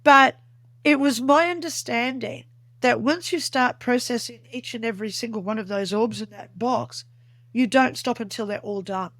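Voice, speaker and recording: A woman's voice: on the high side, normal speed, a bit bright, no room sound. A woman guest on an interview podcast, earnestly recounting a personal experience in vivid detail. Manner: earnest, vivid storytelling that acts out remembered dialogue.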